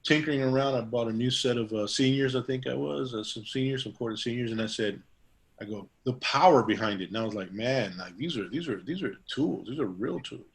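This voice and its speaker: A man's voice: mid-range voice, brisk, vocal fry. A middle-aged man, a barber, telling stories in a casual interview, rambling with many fillers and restarts and acting out quoted dialogue. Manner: acts out quoted dialogue in a raised voice. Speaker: guest barber.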